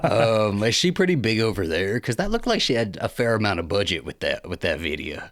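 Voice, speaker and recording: A man's voice: fairly low pitch, big pitch swings, fairly quick, fairly bright tone, no echo, clean studio sound. A man co-hosting a casual chat show, laid-back with playful reactions. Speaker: co-host.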